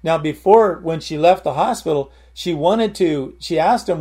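A man's voice: fairly high pitch, moderate pace, few pauses, dark tone. A man preaching informally, telling a story in a rambling way and often repeating his words.

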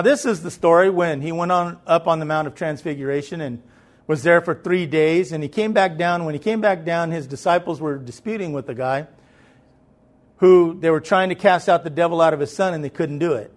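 A man's voice: on the high side, fairly quick. A man preaching a sermon in a loose, conversational way, with many fillers and swells of emphasis.

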